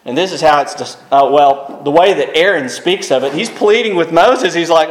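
A man's voice: fairly high pitch, moderate pace, few pauses. A man preaching a sermon, reading scripture aloud with emphatic rises and falls. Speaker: pastor. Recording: echoey room.

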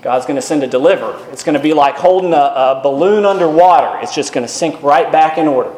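A man's voice: fairly high pitch, fast talker, a little mellow. A man preaching a sermon that goes through scripture verse by verse, explaining in a conversational way and asking rhetorical questions. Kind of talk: expository sermon. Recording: roomy echo.

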